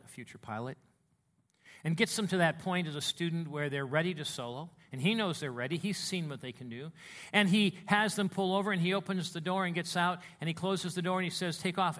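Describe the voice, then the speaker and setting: High, bright-voiced preacher telling stories. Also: male voice, fairly quick. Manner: animated storytelling, swinging from hushed to loud. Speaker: pastor. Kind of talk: sermon.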